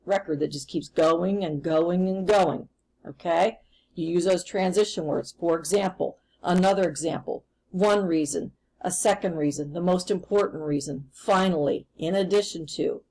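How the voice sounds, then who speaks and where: A woman's voice: fairly low pitch, darkish tone, low-quality recording. A woman teacher recording a remote lesson, explaining patiently and step by step.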